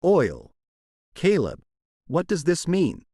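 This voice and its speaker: A man voicing a gentle, steadfast young woman in a romance audiobook, speaking softly and earnestly. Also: fairly high pitch, huge pitch swings, slow pace, no echo, studio quality, voice pushed up, full character voice. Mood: tender.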